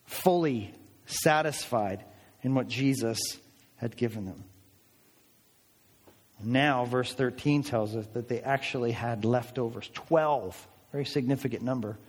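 A man preaching a sermon as a pastor, in an animated, conversational way, acting out people's voices as he tells the story. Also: mid-range voice, measured pace, slightly rough, in a large hall. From United States.

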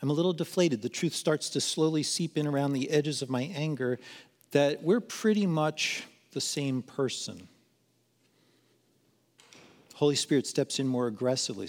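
A man's voice: medium pitch, normal speed. A middle-aged man speaking at a parenting seminar, telling a candid, self-deprecating personal story in a sermon-like style. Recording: long hall reverb.

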